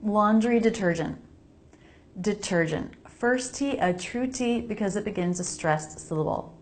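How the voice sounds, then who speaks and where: Speaking in a mid-range, slightly mellow voice and a little slowly, an American woman teaches English pronunciation. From her home laundry area she models each sound carefully, repeating words so viewers can follow along aloud.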